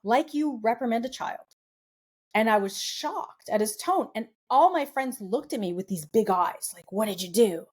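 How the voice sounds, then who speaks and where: Woman telling a story with animated quotes. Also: on the high side, normal speed, hardly any pauses, slightly rough. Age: middle-aged. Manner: animated, acts out quoted voices. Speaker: guest. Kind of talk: conversational storytelling.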